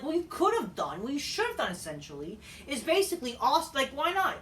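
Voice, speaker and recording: A woman's voice: high voice, bright, forceful tone, far from the mic. A woman giving a heated, profane ranting review as a wrestling show host.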